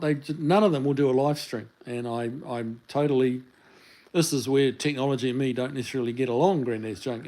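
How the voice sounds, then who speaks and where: A man's voice: mid-range voice, darkish tone, rough recording. A New Zealand man hosting a casual live stream, rambling along as he reads viewer comments aloud into a phone he holds in his hand. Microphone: phone held in hand.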